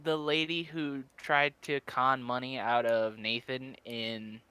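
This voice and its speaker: A man co-hosting a podcast, chatting casually, reacting with jokes and quick laughs. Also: mid-range voice, flat delivery, pushed and bright, clear, resonant tone, no room sound. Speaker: podcast co-host. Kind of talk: casual chat.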